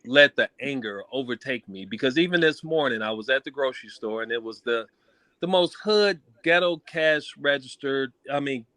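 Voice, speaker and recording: A man phones in to a talk show and tells his story in a loose, conversational way. His voice is bright and a little sharp. The sound is dry and close, with no room around it. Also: medium pitch, lively intonation, moderate pace, no echo. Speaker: caller. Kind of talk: casual call-in chat.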